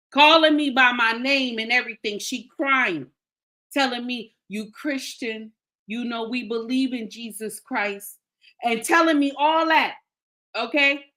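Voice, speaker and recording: A woman telling an emotional personal story to her viewers, animated and emphatic, repeating her lines and calling out to her listeners. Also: a little high.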